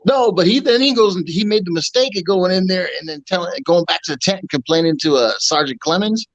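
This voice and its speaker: A man's voice: sits high, brisk, dry recording, lo-fi sound. A man and army veteran, casually telling joking stories from his service days. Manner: laid-back, joking storyteller. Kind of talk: casual chat.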